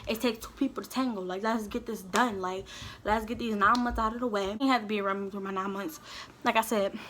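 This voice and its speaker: A woman's voice: medium pitch, fairly even intonation, brisk, background noise. A young woman telling a candid, heated storytime straight to her viewers. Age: young adult. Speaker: vlogger. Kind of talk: storytime vlog.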